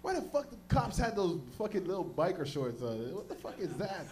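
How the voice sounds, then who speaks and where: A man from the Toronto area doing a stand-up comedy set on a club stage, telling stories loudly and jumping into high-pitched voices for other characters. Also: brisk, slight background noise. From Toronto area, Canada. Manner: loud, animated storytelling, jumps into high-pitched voices for characters.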